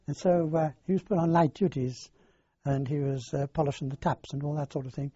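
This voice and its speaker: Husky old man, halting. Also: a little high, fairly even intonation, mellow. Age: older. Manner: halting, rambling storyteller with many fillers. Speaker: interviewee. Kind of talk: oral history recollection. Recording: dull lo-fi dry recording.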